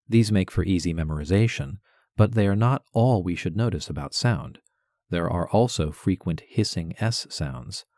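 A man giving a poetry lesson as a voice-over, measured and deliberate, carefully stressing syllables. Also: deep voice, lively intonation, dark tone, no room sound, clean studio sound. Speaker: poetry teacher. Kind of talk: instructional narration with poem recitation.

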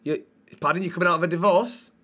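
A man's voice: sits high, steady tone, fast, sharp tone. A man from Manchester with a Mancunian accent, teasing and swearing through casual in-character banter as a role-play streamer. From Manchester, England. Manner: cheeky, teasing, sweary, calls people love.

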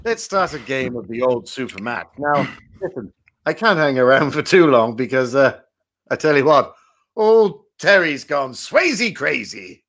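A man's voice: mid-range voice, big pitch swings, a little slow, fairly bright tone, heavily acted. A man playing a jovial, rambling game-show host who is dead and in heaven, hosting a comic improvised quiz. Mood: chummy. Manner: chummy, rambling, self-mocking banter.

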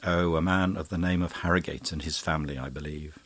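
A grandiose young schemer who declaims his views gravely, in a deep, husky voice, as an audiobook narrator puts him on. He is flamboyant and sly. This is a plain storybook reading. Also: fairly even intonation, fairly quick, a bit bright, full character voice.

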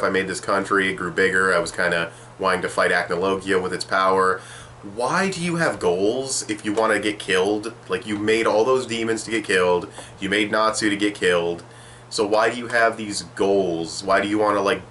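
A man's voice: low voice, pushed and bright, slight background noise. A young man giving a rambling, sarcastic manga chapter review, swearing casually.

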